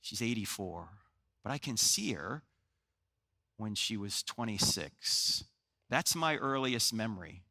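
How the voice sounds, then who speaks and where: In a fairly low, bright, forceful voice, a sixty-something Christian apologetics speaker from New Jersey takes it slowly with lively intonation. He tells stories, cracks jokes, and asks his live audience questions.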